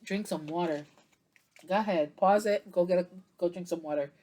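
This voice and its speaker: A tired tarot reader gives a casual reading to camera, chatty and meandering, full of fillers and yawns. Her voice is on the low side and mellow, at a moderate pace.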